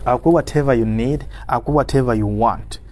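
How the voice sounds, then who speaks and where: A man with a Ugandan accent delivers an encouraging sermon in a mellow, warm voice at an ordinary pitch. He moves between Luganda and English and repeats phrases for emphasis. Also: a little fast. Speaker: preacher. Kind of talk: motivational sermon.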